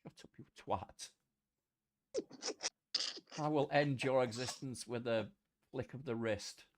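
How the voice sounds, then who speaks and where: A man's voice: medium pitch, takes it slowly, a little hiss or hum. A man hosting a gaming livestream, chatting casually with a lot of swearing and mock-threatening banter. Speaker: livestream host. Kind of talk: casual gaming stream chat.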